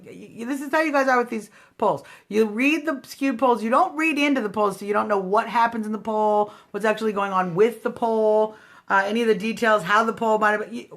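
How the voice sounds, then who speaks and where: Woman host, casual live chat, slightly high voice, sharp and snarky with her viewers. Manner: snarky, combative, talks straight to viewers. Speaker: livestream host. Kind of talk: casual political livestream chat.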